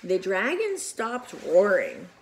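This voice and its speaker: A woman reading a picture book aloud to children in an expressive, animated way with whispered asides. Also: mid-range voice, slow, slight background noise. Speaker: children's storyteller.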